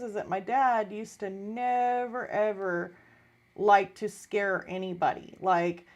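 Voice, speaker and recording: A woman's voice: mid-range voice, a little mellow. A middle-aged woman hosting a live art stream, telling a story in casual chat and acting out the voices of the people in it.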